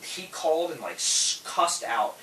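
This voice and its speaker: A man casually telling stories on a podcast, acting out quoted people with loud, animated bursts. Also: fairly high pitch, unhurried. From Florida. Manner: animated, acts out quotes loudly. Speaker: podcast host, tool truck dealer. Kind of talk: casual storytelling chat. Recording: echoey room, distant mic, faint hiss.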